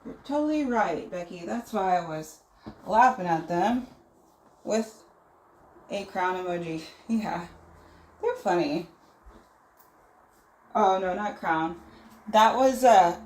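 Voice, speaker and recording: A woman's voice: medium pitch, takes it slowly, pauses often. A woman hosting a casual livestream, reading viewer messages aloud and musing on them. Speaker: livestream host. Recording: roomy echo.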